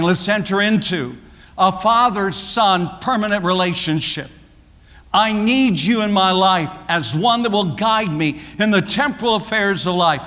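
A man's voice: sits high, fairly bright tone, in a large hall. A man preaching a sermon, building his points through emphatic, repeated phrases. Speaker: pastor.

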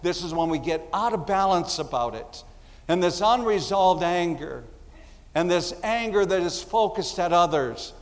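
A man preaching a sermon in a conversational style, acting out little voices as asides. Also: fairly high pitch. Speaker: pastor. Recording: long hall reverb.

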